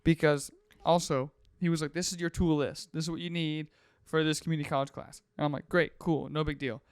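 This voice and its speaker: With a high-leaning, slightly fast and smooth voice recorded free of room sound, this young man in his twenties hosts a podcast. He chats casually and tells lively stories, voicing the people and making the noises himself.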